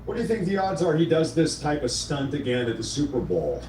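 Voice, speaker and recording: A man hosts a casual commentary show, sarcastic and opinionated as he reacts to clips. His voice sits a little high. He is recorded from a distance in an echoey room with faint noise behind him. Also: big pitch swings, brisk, a little mellow. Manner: sarcastic, opinionated, reads quotes aloud. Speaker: show host.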